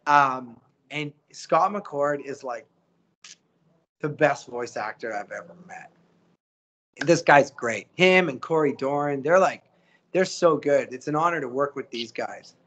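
A middle-aged voice actor chatting as a guest, animated and motivational, often acting out the quotes he tells. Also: medium pitch, measured pace. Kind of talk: casual interview chat.

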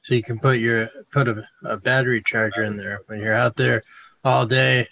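A man's voice: medium pitch, fairly even intonation, moderate pace, creaky, bright, forceful tone. A man hosting a casual group chat about vaping, laid-back and joking, with some swearing. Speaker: vaping show host.

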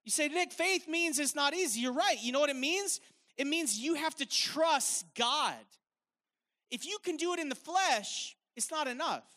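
A man's voice: very high-pitched, expressive, measured pace, bright, forceful tone. A man preaching a live sermon on stage, talking casually and emphatically with lots of fillers. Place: stage at a worship event.

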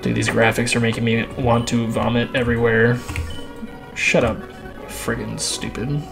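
A man's voice: medium pitch, flat delivery, normal speed, gravelly. A man doing let's play commentary on a video game, out of breath, swearing constantly and sighing between lines. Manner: profane, crass, sighing often. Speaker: gaming channel host. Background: game music.

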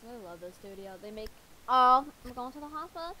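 A woman giving casual, jokey gameplay commentary with excitable reactions. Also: fairly high pitch, a little fast, slight background noise, rough recording. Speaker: gamer.

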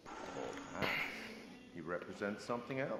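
An actor playing a mysterious, wry curator who narrates a game in a measured, musing way. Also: male voice, fairly low pitch, sing-song, gravelly, heavy background noise. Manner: measured, musing, dryly amused. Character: mysterious ageless male curator, wry and theatrical. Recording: echoey with loud music.

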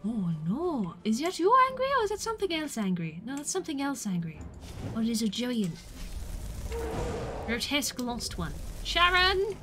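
Her voice a little high and sing-song, a young British gamer talks through her play at a moderate pace. She's chatty and teases herself, squealing when she's attacked.

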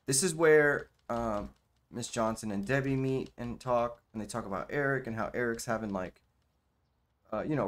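A man's voice: medium pitch, a bit bright. A man hosting casual gameplay commentary, loose and chatty, slangy, and he swears freely. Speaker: gaming channel host.

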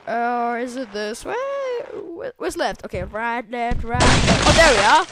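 A woman commentating a video game, excitable, yelling at the game and trailing off into mumbles. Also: on the high side, measured pace. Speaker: let's play gamer. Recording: loud background noise.

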